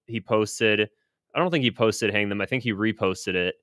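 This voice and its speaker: Low-voiced man giving casual commentary. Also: moderate pace, a bit bright, smooth, no room sound, studio quality. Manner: rambling, hesitant, with restarts and chuckles. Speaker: political commentator. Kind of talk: casual commentary on news clips.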